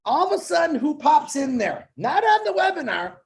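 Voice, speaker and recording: A man co-hosting a webinar over a video call, telling stories in a lively, joking way. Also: very high-pitched, moderate pace, gravelly. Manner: animated, joking storyteller. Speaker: webinar co-host. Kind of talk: casual webinar storytelling.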